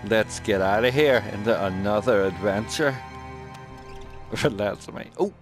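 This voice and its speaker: A man's voice: fairly low pitch, unhurried. A man playing a video game, joking and laughing in casual let's-play commentary on a headset mic. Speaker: gamer playing on stream. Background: game music.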